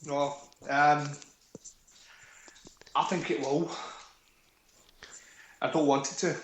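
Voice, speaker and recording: A man calling in to a casual football chat, wry and hesitant, often pausing with fillers. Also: a little high, level tone, roomy sound, poor audio. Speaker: caller guest.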